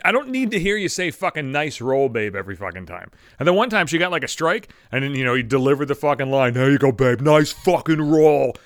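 A man's voice: mid-range voice, fairly bright tone, no room sound, clean studio sound. A man hosting a solo comedy podcast, ranting profanely and acting out other people's voices. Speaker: podcast host.

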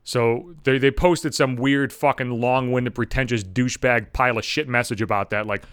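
A man's voice: medium pitch, fairly even intonation, moderate pace, fairly bright tone, smooth, no room sound, studio quality. A young man in a profane, sarcastic comedic rant. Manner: ranting, profane, sarcastic, with mocking voices for others.

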